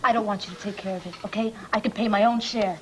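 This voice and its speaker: An actress playing a proud young woman cop who talks in a brisk, guarded way. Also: mid-range voice, fairly even intonation, background noise, lightly acted.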